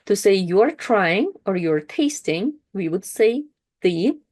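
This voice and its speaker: A woman teaching a language lesson, patiently explaining verbs and repeating each word slowly for practice. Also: medium pitch, sing-song, darkish tone.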